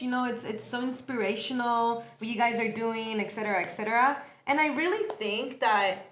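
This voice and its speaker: A woman co-hosting a casual podcast, telling stories in an animated, chatty way. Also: a little high, moderate pace, few pauses. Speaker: podcast co-host. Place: podcast studio at a cafe. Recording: roomy echo.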